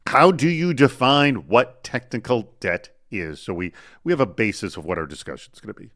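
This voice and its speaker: Hosting a live web talk show, a man chats energetically through announcements and guest introductions. He speaks at normal speed in a mid-range voice, recorded dry.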